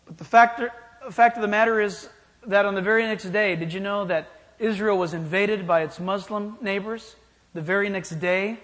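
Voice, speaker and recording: A man's voice: high voice, steady tone, moderate pace, fairly bright tone. A man preaching a sermon in an emphatic style, challenging his listeners directly. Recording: long hall reverb.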